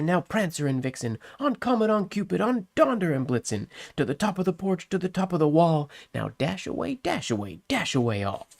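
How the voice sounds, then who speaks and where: Gravelly-voiced man chatting while writing. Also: a little high. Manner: relaxed, thinking aloud while writing. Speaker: calligrapher streaming a writing session. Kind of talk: casual live-stream chat and poem reading.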